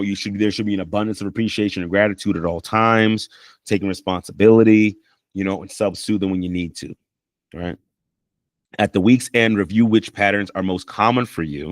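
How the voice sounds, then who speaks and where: His voice sits on the low side, recorded in the studio without echo. A counselor and life coach, he chats through communication skills conversationally, regularly asking "right?" and saying "you know," and he acts out example apologies and I-statements.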